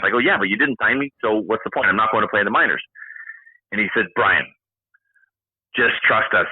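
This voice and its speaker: A man in his forties, a retired hockey player and podcast guest, telling animated stories, acting out quoted dialogue and swearing freely. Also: lowish voice, fairly quick, pauses often, slightly rough, no room sound. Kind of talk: casual storytelling interview. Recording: tinny phone-like call line.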